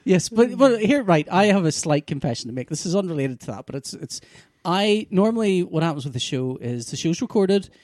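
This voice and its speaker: A man's voice: high voice, sing-song, fairly quick, a little mellow, dry recording, clean studio sound. A man co-hosting a podcast in casual chat, rambling, laughing often and poking fun at himself. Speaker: podcast co-host.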